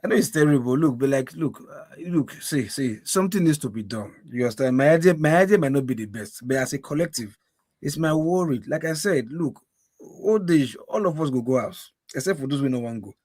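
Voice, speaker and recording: A man's voice: medium pitch, animated, brisk, darkish tone, no echo. A man with a Nigerian English accent, pressing his point insistently in a heated casual debate. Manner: insistent, keeps repeating "look" and "hold on". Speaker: discussion panelist.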